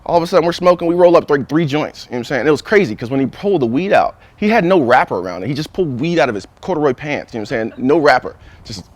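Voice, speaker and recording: A man's voice: a little high, lively intonation, rapid-fire, hardly any pauses, dry recording. A young man doing a crude, rambling stand-up routine who keeps saying "you know what I'm saying.". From North Carolina. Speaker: stand-up comedian. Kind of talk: profane stand-up monologue.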